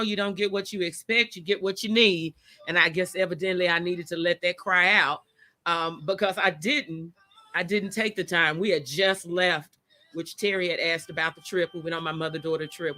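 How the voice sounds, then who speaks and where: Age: adult. Sex: woman. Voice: bright, forceful. Style: chatty livestream host. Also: fairly low pitch. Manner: chatty, greets viewers by name; emotional. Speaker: host of a live chat show. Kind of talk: casual livestream chat. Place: outdoors by a motion-sensor light.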